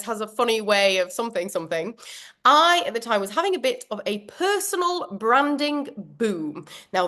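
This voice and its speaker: A woman's voice: mid-range voice, a bit bright. Woman, workshop trainer, casual self-deprecating delivery, frequent laughs, mid-range voice. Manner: chatty, self-mocking, laughs often. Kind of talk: online workshop talk.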